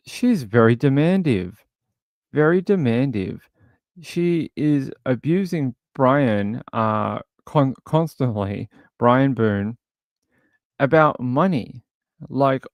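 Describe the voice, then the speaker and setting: With no room sound in the recording, a man at medium pitch hosts a casual livestream, chatting and thinking out loud while scrolling through material.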